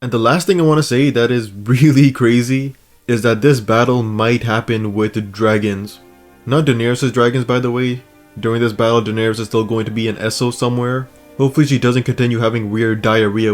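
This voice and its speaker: Hoarse male video-essay host, flat delivery, casual and joking, faint music under him. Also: on the low side, a little fast. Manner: casual, joking, crude asides. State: hoarse, losing his voice. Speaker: YouTube host.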